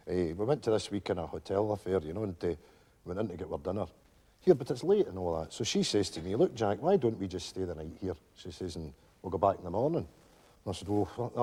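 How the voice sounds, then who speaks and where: An old Scottish widower, a meandering storyteller who piles up fillers and asides. His voice sits low, dark and husky, but his pitch swings animatedly. It rings out on a theatre stage with a long reverb. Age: older. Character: elderly widowed male pensioner, rambling storyteller. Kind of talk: live stage sitcom acting.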